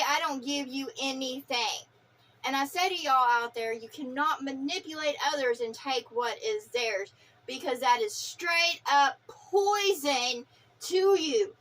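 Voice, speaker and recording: A woman's voice: sits high, bright, forceful tone. A woman vlogger delivering an impassioned, profane spiritual rant, fiery, preachy and defiant.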